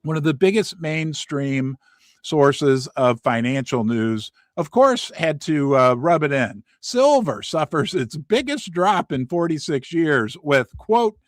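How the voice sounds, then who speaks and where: A middle-aged American man hosting a casual market commentary from his basement, animated and jokey, rambling with restarts and asides. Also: fairly high pitch, slow, no room sound. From United States. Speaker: host.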